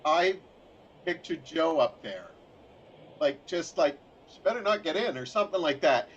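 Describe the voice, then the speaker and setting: A male host with a high, very lively voice chats casually and laughs easily. The sound is a little dull, with faint noise underneath. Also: measured pace. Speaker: show host. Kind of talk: casual chat.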